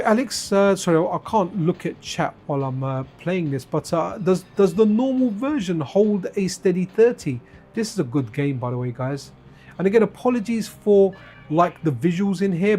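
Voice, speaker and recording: A man with a high, mellow voice chats casually to viewers on a live stream while playing retro games. He drifts into side stories and addresses people in chat by name.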